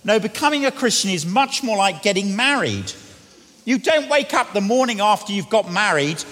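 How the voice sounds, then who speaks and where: A man preaching a sermon in a church, telling humorous stories and then slowing down to lead an earnest prayer. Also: high voice, sing-song, fairly bright tone. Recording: echoey church hall with long reverb.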